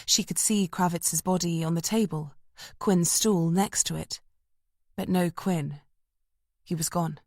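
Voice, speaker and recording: A woman audiobook narrator reading a thriller in a measured, tense storytelling manner. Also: on the low side, darkish tone, no room sound, studio quality. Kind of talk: scripted narration.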